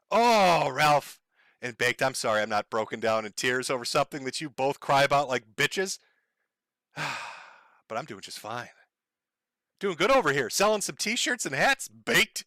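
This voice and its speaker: A man's voice: medium pitch, big pitch swings, normal speed, long pauses, pushed and bright, dry recording. A man streaming live, talking in a sarcastic, mocking rant.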